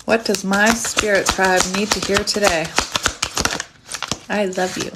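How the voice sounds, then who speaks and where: A woman giving a casual, chatty tarot reading, laughing often and squealing when she gets excited, her throat a little hoarse. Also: medium pitch, measured pace, very noisy. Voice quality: warm, laughs often between phrases. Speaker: tarot reader.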